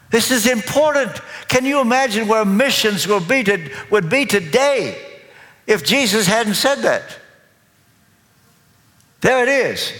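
Slow-preaching Kentucky pastor in a hall. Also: male voice, sits high, bright, forceful tone. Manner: slow, deliberate, emphatic preaching. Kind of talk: sermon. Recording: long reverb of a large hall.

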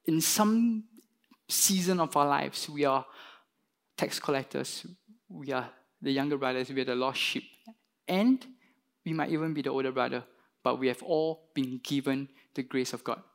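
A man preaching a sermon, retelling a parable and acting out its characters with lively emphasis. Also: mid-range voice, moderate pace, creaky, pauses often. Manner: animated, voices the parable's characters with rising emphasis. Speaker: pastor.

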